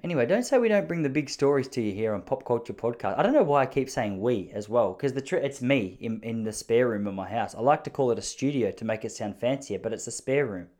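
A young Australian man talks through a casual solo podcast from his spare room at home. His voice is mid-pitched but very animated, jumping up and down as he rambles. He tells self-mocking stories in a loose, offhand way. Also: fast, hardly any pauses. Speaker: podcast host.

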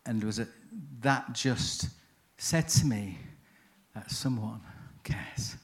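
Here a man with a lowish voice speaks slowly as he leads a conference seminar on chaplaincy. He relates an anecdote conversationally, breaking off his own sentences often.

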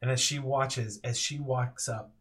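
Man, game master, slow unhurried narration, descriptive with pauses. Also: medium pitch, fairly even intonation, fairly bright tone. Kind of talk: narrating a tabletop role-playing game.

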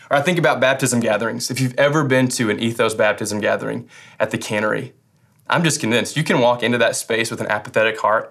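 A man's voice: mid-range voice, fairly bright tone. A young man giving a casual, joking sermon as a pastor, talking loosely with many fillers and restarts.

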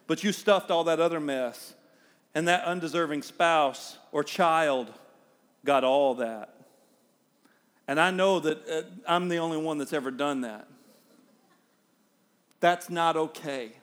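A middle-aged man preaching a sermon as pastor, acting out everyday scenes in a raised, animated voice. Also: on the high side, big-room sound.

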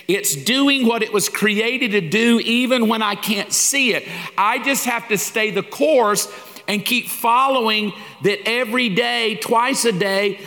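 A man's voice: high-pitched, pushed and bright. A man preaching a sermon-style lesson in a folksy, humorous way, acting out little dialogues. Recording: long hall reverb.

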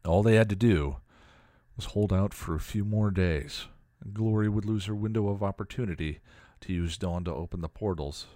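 A man reading a piece of fan fiction aloud in a steady storytelling manner. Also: on the low side, moderate pace, dry recording, clean studio sound. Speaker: story reader.

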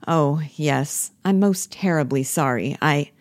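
A woman's voice: sits low, takes it slowly, no echo. A woman reading the part of an awkward, guilty young man who keeps apologizing. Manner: apologetic, curt. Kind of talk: play reading.

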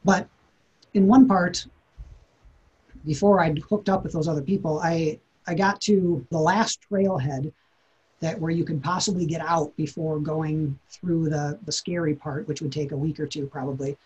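A man's voice: fairly high pitch, fairly even intonation, moderate pace, a little mellow, slightly rough, poor audio. A man, a podcast guest, telling a personal story in an earnest, reflective way, often repeating words as he thinks.

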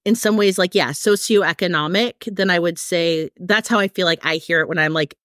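A woman's voice: on the low side, normal speed, fairly bright tone, dry recording, clean studio sound. A woman co-hosting a podcast, chatting casually with lots of fillers and careful hedging. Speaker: podcast co-host. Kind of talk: casual chat.

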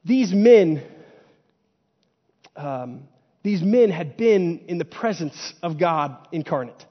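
A man's voice: high voice, a little slow. A male preacher on a church stage giving a casual, conversational sermon and acting out paraphrased dialogue. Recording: dull sound with long hall reverb.

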